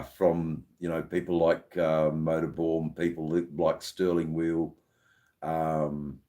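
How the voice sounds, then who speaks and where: Very deep-voiced Australian man rambling. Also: darkish tone. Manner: rambling, chatty, many fillers and restarts. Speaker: livestream host. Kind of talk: casual live-stream chat with viewers.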